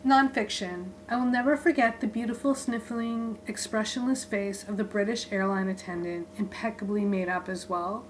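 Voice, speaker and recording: A woman giving a deadpan spoken-word reading of her own short writings, in clipped, list-like phrases. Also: mid-range voice, moderate pace, few pauses, a little hiss or hum, rough recording.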